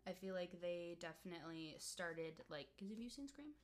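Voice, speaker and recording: A woman's voice: lowish voice, lively intonation, normal speed. A young woman chatting casually about horror movies, rambling with lots of fillers and laughs. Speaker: podcast co-host. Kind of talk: casual chat.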